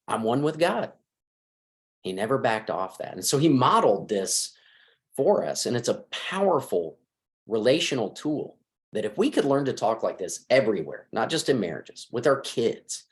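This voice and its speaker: A middle-aged man, a marriage counselor, giving advice in a conversational interview and acting out bits of dialogue as he talks. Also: mid-range voice. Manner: lively, acts out quoted dialogue.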